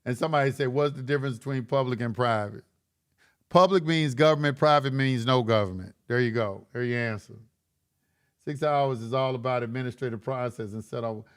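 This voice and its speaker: A man's voice: mid-range voice, a little fast, clean tone. A man hosting a live stream, reading chat questions and answering them in a blunt, lecturing way with casual slang, often repeating himself.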